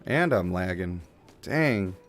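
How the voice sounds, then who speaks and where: A man's voice: deep voice, animated, slow. Joking, chatty male game streamer. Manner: joking, chatty, slips into silly voices. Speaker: live streamer. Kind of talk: casual gameplay commentary. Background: game music.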